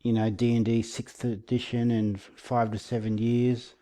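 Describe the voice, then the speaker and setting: A man hosting his own channel, talking through game rules in a relaxed, slightly sarcastic way. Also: mid-range voice, a little slow. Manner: relaxed, self-aware, a bit sarcastic. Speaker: channel host. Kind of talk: casual commentary video.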